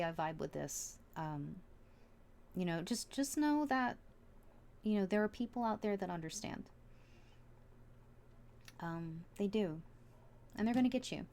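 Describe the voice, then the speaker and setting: A woman talks through a tarot spread in a loose, casual way, stopping and restarting her sentences. Her tone is soft and sincere, and she gets quietly emotional as she reassures the listener. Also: medium pitch. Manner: chatty, earnest, full of fillers and restarts; soft and heartfelt, at times emotional. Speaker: tarot reader. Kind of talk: casual tarot reading to camera.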